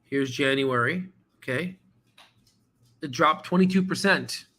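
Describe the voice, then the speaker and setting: A man hosting a stock trading channel, talking casually and excitably while going through charts, swearing now and then and repeating himself as he rambles. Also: fairly high pitch, a little slow. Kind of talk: casual screen-share market commentary.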